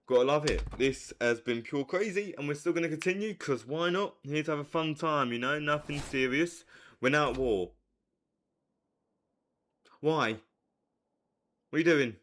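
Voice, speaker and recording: A young man giving live commentary on a strategy game, swinging from low muttering to hyped outbursts. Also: normal speed, long pauses, fairly bright tone. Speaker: streamer.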